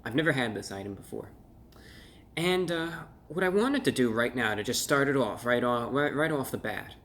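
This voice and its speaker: A man's voice: medium pitch, lively intonation, moderate pace, fairly bright tone, a little hiss or hum. Rambling man reviewing frozen food. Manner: rambling, self-deprecating, with restarts and playful asides. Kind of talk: casual product review.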